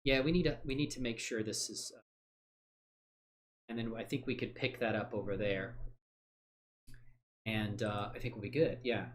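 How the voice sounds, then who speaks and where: A man hosting a software livestream, chatting casually and thinking aloud while he works, rambling and joking at his own expense with frequent laughs. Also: lowish voice, steady tone, moderate pace, pauses often. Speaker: livestream host.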